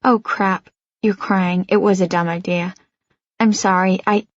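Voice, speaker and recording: A woman reading the part of a kind, shy young man who speaks softly and gently. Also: fairly even intonation, unhurried, no echo, lo-fi sound, close to an everyday voice. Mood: flustered. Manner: soft, low-key, hushed.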